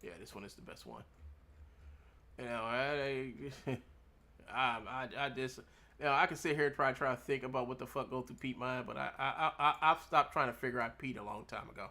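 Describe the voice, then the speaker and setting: A man's voice: medium pitch, fairly even intonation, a little fast. A young man ranting casually from home as a streamer, mocking someone, laughing often and swearing a lot. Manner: mimics others in a loud put-on voice. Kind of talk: casual rant.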